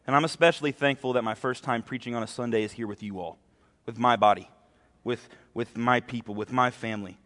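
A man's voice: medium pitch, a little fast, fairly bright tone. A young man giving his first sermon to his home church, earnest and a little nervous, often asking the congregation "right?". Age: young adult. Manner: earnest, nervous first-time preacher with frequent "right?" tags. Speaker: preacher. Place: church sanctuary. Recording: church with long reverb.

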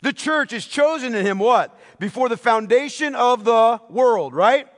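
A male pastor preaches with fervor, pressing his listeners with questions and calling them beloved. His voice sits high, and a long reverb trails behind it like a large hall. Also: expressive, unhurried. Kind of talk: sermon.

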